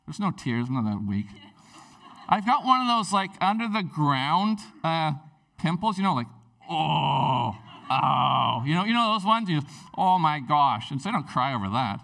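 A man preaching a sermon in a church, telling stories with lively swings from loud bursts to hushed tones. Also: on the high side, recorded from a distance. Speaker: pastor.

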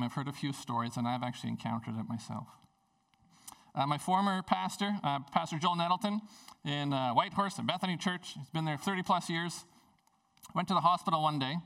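Gravelly man preaching a lively sermon. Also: fairly high pitch, brisk, distant mic. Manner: conversational, animated storytelling preaching. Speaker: pastor. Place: church service.

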